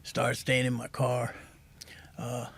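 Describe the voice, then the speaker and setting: Middle-aged man, gravelly, husky, halting, soft-spoken. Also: mid-range voice, monotone. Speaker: podcast guest. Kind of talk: candid recovery story.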